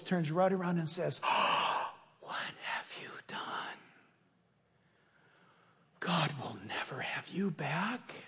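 A male pastor delivering a sermon and then a fervent, loud closing prayer. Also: high-pitched, long reverb tail.

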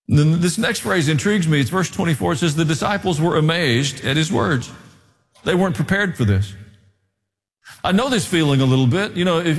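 A man preaching a sermon, telling the story with animated delivery, sudden pitch swings and dramatic pauses. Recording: long hall reverb.

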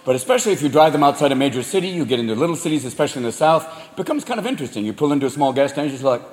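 A man doing stand-up comedy, animated and profane. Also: fairly high pitch, racing, reverberant, long reverb tail. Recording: live venue with loud crowd.

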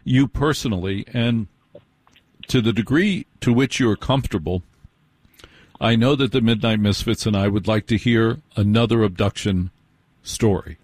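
A man hosting an interview in casual chat, speaking in an earnest, measured way. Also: lowish voice, darkish tone, dry recording. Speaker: podcast host.

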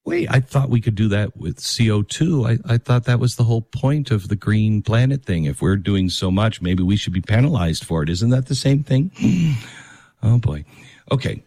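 A man's voice: fairly low pitch, expressive, normal speed, mellow, no room sound. Rambling talk radio host, man. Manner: chatty and rambling, with many ums and restarts. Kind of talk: casual talk radio monologue.

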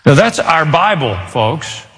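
Male pastor mid-sermon, high and swooping voice, long hall reverb. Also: big pitch swings, takes it slowly. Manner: preaching, with sudden rises and quiet asides.

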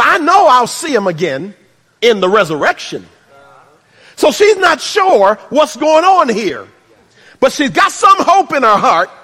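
A man preaching a sermon, swinging between shouts and hushed asides and adding humorous remarks. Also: very high-pitched. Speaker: pastor. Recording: reverberant hall.

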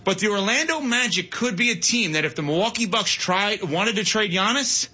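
A man on sports radio with a high, very bright and husky voice, out of breath as he lays out animated, opinionated analysis. The sound is dull and lo-fi, like a broadcast feed. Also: normal speed. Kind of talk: sports talk radio discussion.

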